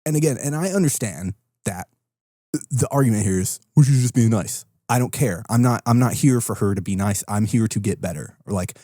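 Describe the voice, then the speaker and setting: Low-voiced man ranting on a podcast. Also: fairly quick, no room sound, studio quality. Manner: animated, swearing, ranting with a laugh. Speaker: podcast co-host. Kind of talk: casual podcast chat.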